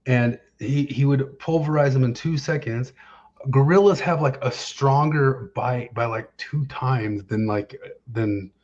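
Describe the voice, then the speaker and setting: A man's voice: mid-range voice, a little slow, a little mellow. Guy rambling on his podcast, lots of uhs, mid voice, muffled audio. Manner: rambling, searches for names with many fillers. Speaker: podcast host. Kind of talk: casual chat. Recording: dull lo-fi sound.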